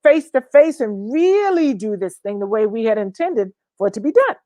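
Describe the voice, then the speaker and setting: A woman co-hosting a casual online talk show, lively and chatty, often talking over her co-host. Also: a little high, moderate pace, no echo.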